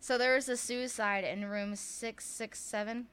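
Speaking with a Southern US accent, this woman co-hosts a podcast and retells ghost stories in a casual, chatty way, packed with "like" fillers and frequent laughter. Her voice is on the high side, smooth and a bit bright, with a steady, unhurried tone.

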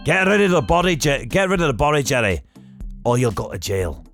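A man voicing a pushy male flatmate from a film who insistently urges a friend to hide a body. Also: mid-range voice, fairly quick, creaky, faint music behind, voice pushed up. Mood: agitated. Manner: agitated, insistent, loud. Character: pushy Scottish male flatmate urging a cover-up.

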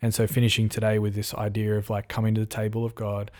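A male pastor talks through his ideas in a casual interview, thinking aloud with many fillers and restarts. His voice sits low and stays fairly level in pitch. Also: monotone, a little mellow. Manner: thoughtful, halting, many fillers.

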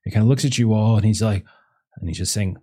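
A man's voice: lowish voice, quick pace, dark tone, slightly rough. A man narrating a tabletop role-playing game as game master, rambling with many fillers.

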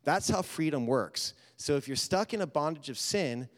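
A man with a fairly high voice preaches a sermon in a large reverberant hall. He moves from quiet storytelling to loud, animated exhortation. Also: normal speed, hardly any pauses.

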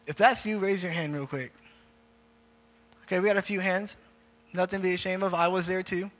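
In a church hall, a youth pastor gives a casual sermon with an altar call, repeating phrases informally and leading a group prayer. His voice is high and a bit bright, brisk with frequent pauses. The hall is reverberant, and faint music is audible.

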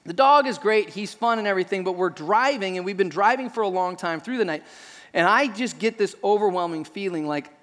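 Pastor, male, higher-pitched voice, humorous storyteller in the pulpit. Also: brisk, in a large hall. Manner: animated storytelling with self-deprecating humor. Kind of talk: sermon.

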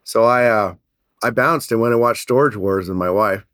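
A man telling a business story in an energetic, animated way, laughing often. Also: on the low side, normal speed, dry recording, clean studio sound. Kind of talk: casual storytelling.

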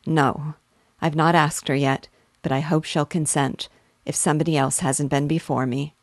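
Woman reading a nervous young gent, careful and awkward, low dry voice. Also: steady tone, moderate pace, no echo. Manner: awkward, guarded. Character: uneasy young gentleman.

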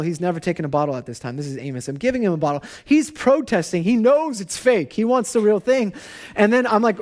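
A man in his thirties, a pastor, giving a conversational sermon and telling personal stories in an animated way. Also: high-pitched.

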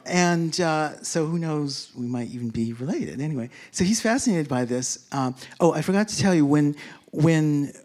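A storyteller from a big city, abroad on a trip, relates a casual anecdote in an animated, slightly mellow medium-pitched voice at a moderate pace. The story rambles with lots of fillers and self-corrections, and the speaker chuckles along while acting out quoted speech.

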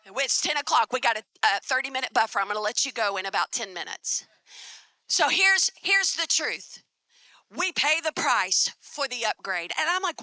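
A middle-aged woman preaching at a conference, telling a story with lively calls to the crowd. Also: on the high side, moderate pace, no room sound. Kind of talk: sermon. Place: conference stage.

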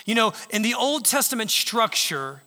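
A male pastor preaching in a church sanctuary, a high, bright voice that tells stories and acts out the lines of others. It rings through a large hall with long reverb. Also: normal speed. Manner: animated storytelling, acting out quotes. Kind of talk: sermon.

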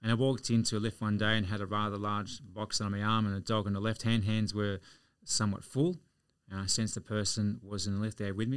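A man's voice: on the low side, fairly even intonation, fast, hardly any pauses, fairly bright tone, clear, resonant tone, no room sound. An Australian man, a podcast guest, telling anecdotes in a chatty way. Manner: chatty, anecdotal, chuckles through stories. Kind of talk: casual storytelling.

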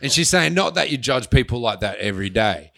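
A man's voice: mid-range voice, lively intonation, a little fast, creaky, sharp tone. A man, co-hosting a casual podcast, joking and swearing as he relays odd research findings. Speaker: podcast co-host.

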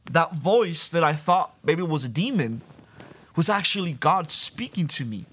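A young man sharing a personal faith testimony as an interview guest, earnest and storytelling, acting out the voices he quotes and laughing softly now and then. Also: fairly high pitch.

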